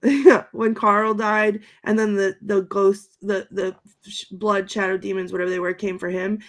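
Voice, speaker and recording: A woman's voice: medium pitch, fairly even intonation, normal speed. A woman co-hosting a podcast, wryly rambling through her notes on a film in casual chat. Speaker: podcast co-host reviewing a film.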